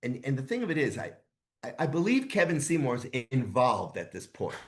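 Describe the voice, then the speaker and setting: A man in his sixties, a voice actor guest telling rambling, lively anecdotes in a casual interview. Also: medium pitch, a little fast. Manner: rambling, animated anecdotes with asides.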